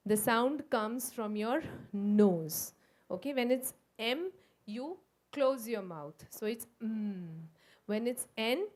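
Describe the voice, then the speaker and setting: A woman with an Indian English accent leading a phonics workshop for teachers, slowly sounding out letters in a coaxing, sing-song way. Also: on the high side. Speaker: teacher trainer. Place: school workshop room.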